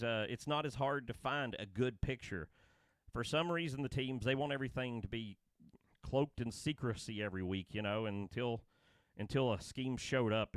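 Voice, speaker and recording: Excitable rambling man. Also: mid-range voice, no echo. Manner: rambling, laughing, excitable storytelling. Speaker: podcast co-host. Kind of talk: casual chat.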